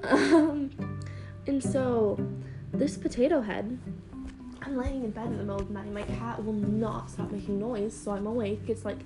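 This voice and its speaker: A woman's voice: fairly high pitch, fairly even intonation, moderate pace, rough recording. A young woman chatting casually at home, giggly and meandering, with lots of ums. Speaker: vlogger. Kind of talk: casual rambling chat. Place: bedroom at home. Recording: music playing behind.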